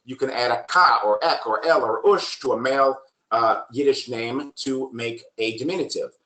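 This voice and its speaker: A man's voice: mid-range voice, normal speed, a bit bright. A man presenting a genealogy workshop from slides, explaining steadily with frequent ums and the odd dry joke. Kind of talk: lecture with slides. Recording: roomy echo.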